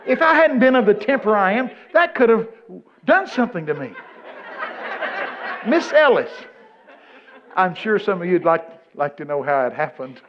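A man from Texas with a Texan accent, telling a humorous story to a live audience. He swings from mumbled asides to loud exclamations. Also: high voice, very animated, moderate pace, pauses often, highs cut off, some chatter behind, a little hiss or hum. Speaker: speaker addressing an audience.

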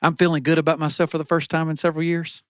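A man's voice: a little high, flat delivery, very fast, fairly bright tone, no room sound. Emphatic middle-aged male pastor preaching. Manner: emphatic, repetitive preaching cadence. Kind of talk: sermon. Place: church stage.

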